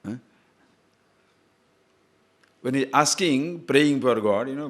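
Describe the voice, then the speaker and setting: Slow and animated, with long pauses, a spiritual teacher delivers a discourse in a medium-pitched, somewhat bright voice. He chuckles as he tells stories and asks rhetorical questions of those listening.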